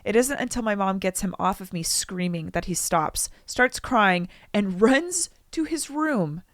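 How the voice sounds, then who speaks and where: A woman's voice: medium pitch, expressive, unhurried, dry recording, studio quality. Chatty young woman reading a story aloud. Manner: chatty, breaks off to joke and comment, acts out quotes loudly. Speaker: podcast co-host reading a listener story. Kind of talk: casual chat, reading aloud.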